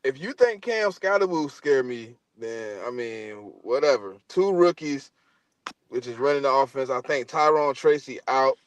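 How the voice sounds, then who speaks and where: A man's voice: mid-range voice, expressive, normal speed, no echo. A man co-hosting a casual sports podcast, talking in a laid-back, slangy way that often trails off. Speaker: podcast co-host.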